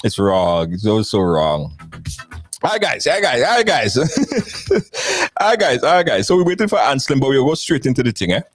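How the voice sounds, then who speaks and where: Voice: mid-range voice, very animated, normal speed, slightly rough, no room sound, soft background music. A live-stream host who chats casually and playfully, greets viewers by name and repeats phrases over and over.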